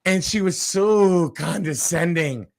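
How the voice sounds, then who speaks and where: A man's voice: sits high, takes it slowly, gravelly. A man hosting a casual morning radio chat, telling a story and acting out its voices. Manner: animated storyteller, acts out voices in anecdotes. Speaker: radio show host.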